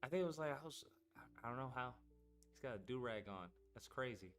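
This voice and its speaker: A man's voice: mid-range voice, lively intonation, fast talker, clean tone, faint music behind. A man hosting a casual live stream, rambling and swearing as he talks to his chat. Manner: rambling and profane, talking to chat. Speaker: streamer host.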